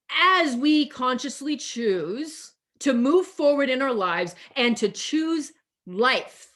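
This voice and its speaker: Slow, deliberate woman pastor preaching. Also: high-pitched, fairly bright tone. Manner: deliberate, with emphatic repetition and drawn-out key phrases. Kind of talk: sermon over a video call. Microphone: video call.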